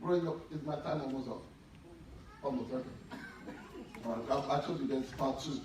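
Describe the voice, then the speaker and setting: A man's voice: mid-range voice, normal speed, distant mic. A man with a Nigerian accent performing a stand-up comedy set, animatedly telling stories and acting out his mother. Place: event hall with a live audience. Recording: echoey hall recorded from afar, crowd and noise. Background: audience laughter.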